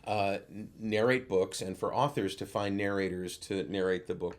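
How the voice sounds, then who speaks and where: A man, a guest actor and voice-over coach, telling lively anecdotes in a casual interview over a video call. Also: lowish voice, moderate pace. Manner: animated anecdote teller who acts out other voices.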